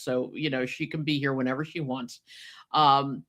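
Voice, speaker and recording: A woman hosting a podcast, talking in an easy, chatty way. Her voice has a bright, forceful edge, and she presses her points hard, often asking "okay?" before moving on. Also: very deep voice, little pitch movement, moderate pace. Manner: emphatic, chatty, keeps adding "okay?". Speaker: podcast host. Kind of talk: casual podcast chat.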